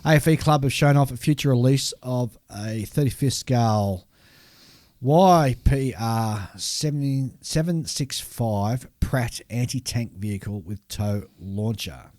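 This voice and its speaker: A man's voice: mid-range voice, slow, a little mellow, dry recording, studio quality. A man co-hosting a casual hobby podcast, reading a list of new model kits and tripping over foreign names with a laugh.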